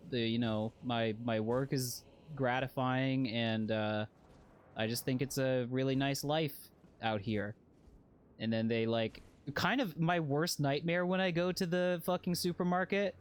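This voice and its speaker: A man's voice: a little high, a little hiss or hum. Rambling, chuckling male game streamer. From Western. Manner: rambling, self-interrupting, chuckling asides. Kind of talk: casual gameplay commentary with anecdotes.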